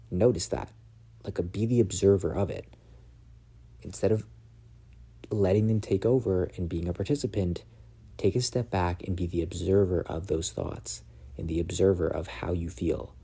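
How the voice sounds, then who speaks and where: A man hosting a self-help podcast, talking slowly through calm, repetitive guidance on letting go of negative thoughts. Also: low voice, gravelly, husky. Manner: slow, repetitive guiding instructions. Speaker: podcast host.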